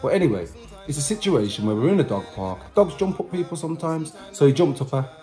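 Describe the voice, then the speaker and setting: A man's voice: on the high side, expressive, fast, mellow, soft background music. A man vlogging to his subscribers, telling a personal story in a chatty, repetitive way with slang asides. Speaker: vlogger and musician. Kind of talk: casual storytelling to camera.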